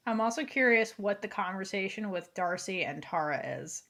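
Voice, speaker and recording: A woman's voice: mid-range voice, moderate pace, fairly bright tone. A woman co-hosting a casual book club chat, talking eagerly and rambling with many fillers. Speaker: podcast co-host.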